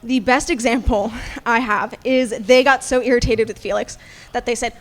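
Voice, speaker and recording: Animated, high-voiced woman panelist. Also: moderate pace. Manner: animated, casual, swears freely. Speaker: dungeon master and panelist. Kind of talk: convention panel talk.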